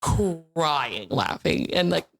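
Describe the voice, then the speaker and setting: A young woman from Iowa, a guest on a podcast, telling improv stories in a bubbly, animated way and laughing often. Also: sits low, drawn-out words, vocal fry. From Iowa, USA. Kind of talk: casual chat.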